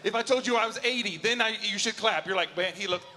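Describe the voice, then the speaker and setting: A man's voice: sits high, fast, pushed and bright. A man in his forties doing a stand-up comedy set, chatty and self-mocking, often asking the crowd if they follow him. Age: 40s. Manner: chatty, self-mocking, keeps asking the crowd "you know what I'm saying?". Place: large auditorium at a live show. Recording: hall reverb from a live venue.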